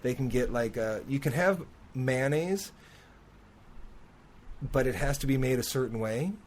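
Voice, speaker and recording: A man's voice: medium pitch, animated, measured pace. A man hosting a casual chat, rambling and restarting his sentences. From United States. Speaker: podcast host. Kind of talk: casual conversation.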